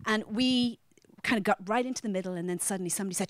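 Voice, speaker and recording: A woman from Ireland with an Irish accent, telling a personal story live to an audience, animated and full of restarts. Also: mid-range voice, rapid-fire, no room sound, studio quality. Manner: animated, with frequent restarts and acted-out quotes. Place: media center storytelling event.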